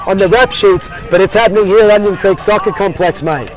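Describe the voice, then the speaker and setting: A man calling an Aussie Rules match as play-by-play commentator, jokey and excitable, working outdoors at the ground. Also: high-pitched, fairly quick, few pauses, poor audio. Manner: jokey, excitable, repeats "I'll tell you what". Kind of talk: sports commentary. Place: outdoor sports field. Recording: crowd noise behind outdoor commentary.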